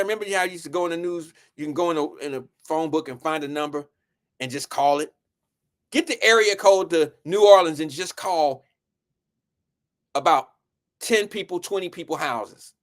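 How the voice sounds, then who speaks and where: Profane, animated live-show host. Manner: animated and profane, swings from shouting to low mutters; addresses the audience directly as "y'all" and "guys". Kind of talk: comedic storytelling rant.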